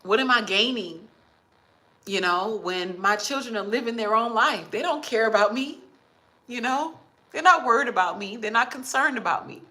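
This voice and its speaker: A Texan woman in her fifties, a vlogger, speaks in a heartfelt, emotional way on a casual livestream, reading viewer comments aloud. Her voice is on the high side with a sharp tone at normal speed. The recording quality is low.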